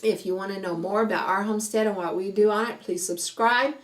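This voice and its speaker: A woman's voice: medium pitch, fairly even intonation, brisk, a little hiss or hum. A middle-aged woman homestead vlogger talking earnestly to camera, half preaching, with many "you know"s. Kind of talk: casual vlog talk with a preachy streak.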